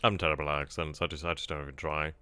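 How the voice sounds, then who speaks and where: A man's voice: very deep voice, little pitch movement, racing, bright, forceful tone, a little hiss or hum. A man hosting a casual gaming chat, joking and teasing his guest. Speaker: channel host.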